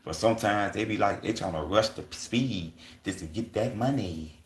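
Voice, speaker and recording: A man's voice: fairly low pitch, normal speed, roomy sound. A man hosting a livestream, rambling on in a casual, profane rant with many asides, stumbles and restarts. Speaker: livestream host.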